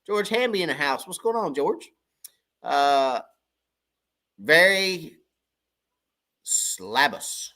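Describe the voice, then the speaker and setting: A man's voice: fairly high pitch, lively intonation, slow, pauses often. Folksy man hosting a livestream. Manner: folksy, rambling, shouts out viewers by name. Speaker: fishing channel livestream host. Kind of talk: casual livestream chat.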